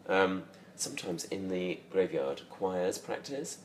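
A man's voice: deep voice, expressive, slow, slight background noise. A man co-hosting a podcast in casual chat, dry and self-mocking, recorded in an echoey bedroom. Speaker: podcast co-host. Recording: echoey room, faint ambience.

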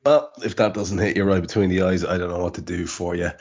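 A man's voice: low voice, steady tone, quick pace, darkish tone, muffled recording. A male podcast host in casual chat, rambling and teasing, with many fillers.

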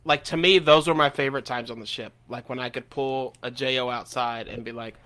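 Bright, frank, profane man. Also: mid-range voice, steady tone, brisk. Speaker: former enlisted sailor, guest. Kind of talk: casual chat.

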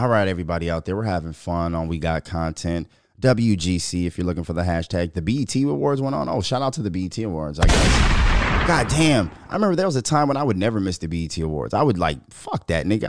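A man hosting a podcast, ranting in a profane, animated, mocking way and laughing between remarks. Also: low voice, no room sound, studio quality. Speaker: podcast host. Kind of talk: casual commentary rant.

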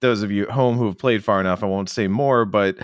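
A man talking enthusiastically on a casual game podcast, animated and quick to act out characters. His voice sits very low. The close mic leaves it dry. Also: no echo.

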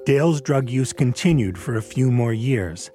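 A man reading scripted documentary narration in a measured, even way. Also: medium pitch, faint music behind.

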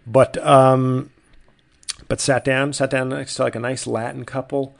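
A man's voice: mid-range voice, little pitch movement, a little slow, vocal fry. A man hosting a comedy podcast, telling a rambling, profane story with mock outrage and frequent restarts. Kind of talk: rambling comic monologue.

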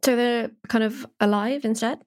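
A woman's voice: a little high, steady tone, moderate pace, a little mellow. A woman hosting a science podcast, introducing a guest and asking friendly questions. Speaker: podcast host. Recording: music behind the intro.

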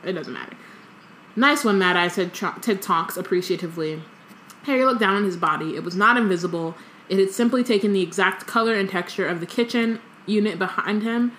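A woman's voice: medium pitch, fairly quick, a bit bright. A woman co-hosting a podcast, reading a novel aloud and breaking off to comment and laugh. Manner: reads dialogue aloud with light voices, laughs often. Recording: echoey room with faint noise.

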